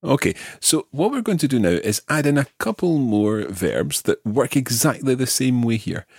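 Teaching Spanish, a man with a husky, medium-pitched voice and big swings in pitch patiently models verb forms and stress, slowly pronouncing each one for a learner to repeat. The language-lesson drills are captured in a dry, clean studio recording.

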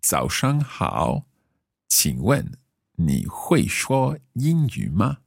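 A man playing a polite foreign conference visitor in a slow, careful practice dialogue. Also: on the low side, huge pitch swings, vocal fry, slightly rough, dry recording, clean studio sound, heavily acted.

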